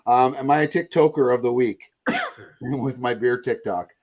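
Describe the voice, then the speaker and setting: A male podcast host in easy, casual chat. He jokes around and rambles, often stopping and restarting his thoughts with a laugh in his tone. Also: medium pitch. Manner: joking, rambling, quick to laugh.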